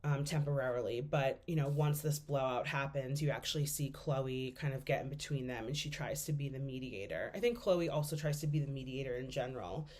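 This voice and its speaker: A woman's voice: very deep voice, brisk, hardly any pauses, darkish tone. A young woman giving a class presentation as a student, speaking casually with lots of fillers as she thinks aloud.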